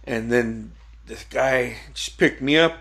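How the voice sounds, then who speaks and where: This podcast host, speaking slowly in a medium-pitched voice with a fairly bright tone, swaps old stories in a relaxed chat, frequently swearing and breaking into laughs.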